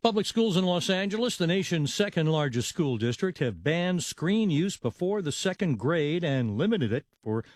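A male news anchor reading a radio newscast in a crisp, measured delivery. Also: fairly high pitch, very animated, a little mellow, no echo, clean studio sound.

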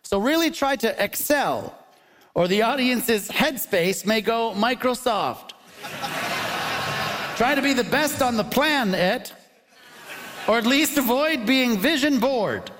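A man's voice: very high voice, lively intonation, takes it slowly, pauses often, a bit bright. Upbeat laughing comedy show host man. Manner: upbeat, laughing between lines. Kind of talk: comedy panel show hosting. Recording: crowd and noise behind. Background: live audience laughing.

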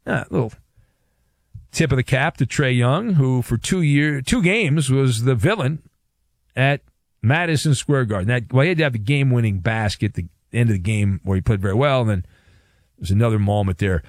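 A man's voice: mid-range voice, moderate pace, dry recording, clean studio sound. A man hosting a sports talk radio show, delivering a playful, wisecracking monologue.

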